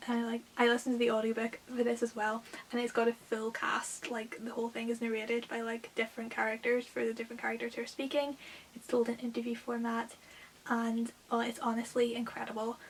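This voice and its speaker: A woman's voice: a little high, completely flat delivery, a little fast, rough recording. Chatty young woman reviewing books. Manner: chatty, lots of "like" and "um" fillers. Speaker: book vlogger. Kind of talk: casual book review chat. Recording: faint hiss.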